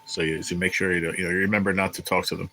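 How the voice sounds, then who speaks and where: Man, very deep voice, bright edge, rambling profane livestream chat, faint hum behind. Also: flat delivery, very fast, low-quality recording. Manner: rambling, profane, chatty with viewers. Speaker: livestream host reading chat.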